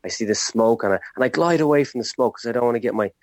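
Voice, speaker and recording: A man's voice: medium pitch, very fast, no echo, close to an everyday voice. A man playing a proud exasperated eagle. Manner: comic exasperated storytelling.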